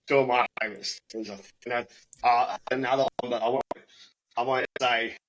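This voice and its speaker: A man's voice: mid-range voice, a little fast, a little hiss or hum, low-quality recording. A young Australian man, a comedian and former teacher, telling anecdotes in a casual chat and acting out the voices. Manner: animated, acts out voices in anecdotes.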